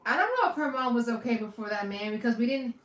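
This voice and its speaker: A woman hosting a watch party, giving casual reaction commentary and repeating phrases between loud outbursts and quiet asides. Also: fairly high pitch, fast. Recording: echoey room, far from the mic.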